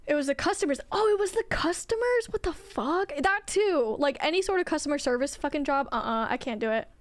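Chatty young woman streamer, high voice. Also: expressive, fairly quick, no echo. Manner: rambling, chatty, swears often, talks to chat. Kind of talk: casual gameplay chat with viewers.

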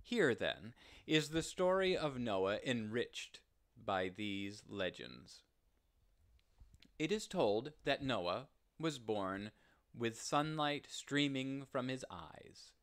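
Slow, deliberate male storyteller. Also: mid-range voice, lively intonation, a bit bright. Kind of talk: read-aloud story narration.

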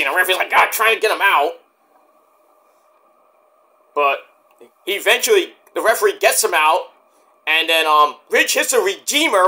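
A man's voice: sits high, pushed and bright. A man giving a rambling, profane, casual review of a wrestling event.

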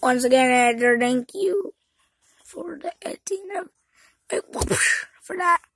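Very high, creaky-voiced female vlogger. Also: lively intonation, a little slow, a bit bright, rough recording. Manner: rambling, often drops to a whisper. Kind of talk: casual rambling chat to camera.

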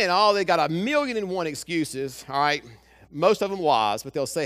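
A male pastor preaches in a church sanctuary, his voice pitched high for a man and ringing bright. He keeps throwing questions straight at the congregation in a lively, conversational way. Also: normal speed. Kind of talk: sermon.

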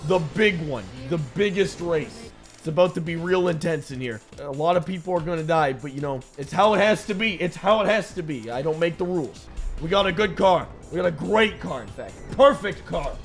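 A young man commentating his own gameplay, reacting loudly and joking along as things happen. His voice sits high, with faint music under it. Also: lively intonation, fairly quick. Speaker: gaming streamer. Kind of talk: let's play commentary.

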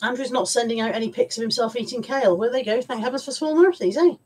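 A woman's voice: a little high, fast, darkish tone, breathy edge. A woman, hosting a casual livestream from home, chatting informally with viewers, reading out their comments and swearing now and then. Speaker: livestream host. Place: at home with piles of stuff around her.

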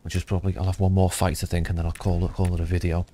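A man's voice: low voice, completely flat delivery, racing, warm tone. A man from around Liverpool giving casual gameplay commentary, rambling, thinking aloud and swearing. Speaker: gaming youtuber.

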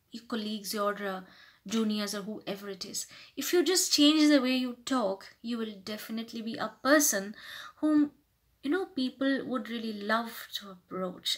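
A woman vlogger giving casual advice to camera, earnestly explaining and acting out polite and rude phrases. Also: a little high. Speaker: lifestyle vlogger.

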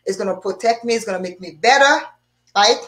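This woman hosts a casual live chat briskly, in a medium-pitched voice, talking freely and animatedly. Her speech is full of restarts and punctuated by bursts of laughter.

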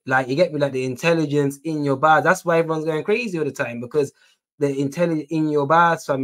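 A man with a British accent hosting a casual podcast chat, excited and slangy, often asking "you get me". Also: fairly high pitch. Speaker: podcast host.

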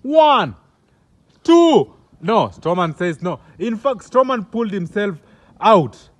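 A young man with a Kenyan accent delivers excited, comedic play-by-play of a wrestling match, exclaiming and repeating himself. His voice is high and his delivery slow.

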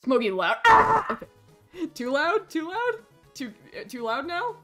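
A woman streaming a game and chatting with her viewers, excitable and squealing over cute animals, swearing casually, with faint game music behind her. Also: high voice, a little slow. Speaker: Twitch streamer. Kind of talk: casual gaming livestream chat.

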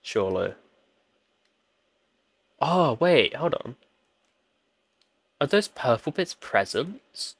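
A man's voice: a little high, sing-song, slow pace, long pauses, breathy edge, no echo. A man doing jokey let's-play commentary, pleading with and teasing the characters on screen. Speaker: gaming channel host.

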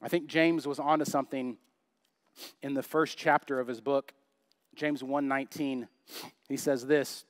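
A man's voice: medium pitch, fairly even intonation, a little slow, long pauses, no room sound, studio quality. A young adult man preaching a sermon in church, chatty and joking, full of rhetorical questions. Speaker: pastor.

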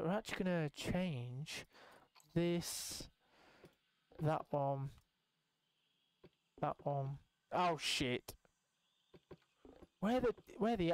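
Excitable young gaming commentator. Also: male voice, clear, resonant tone, no room sound. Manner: excitable, swears casually, bursts into high exclamations. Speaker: gaming youtuber. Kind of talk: casual gameplay commentary.

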